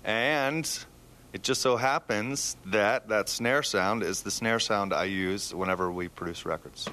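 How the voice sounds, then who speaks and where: A man being interviewed as a musician, joking and halting with fillers. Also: fairly low pitch, pushed and bright, a little hiss or hum. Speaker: musician guest. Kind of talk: casual interview.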